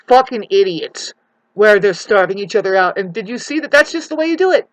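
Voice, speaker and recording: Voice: medium pitch, big pitch swings, normal speed, a bit bright, no room sound, rough recording. A vlogger in a rural mountain home, delivering a rambling, profane, preachy rant to the camera.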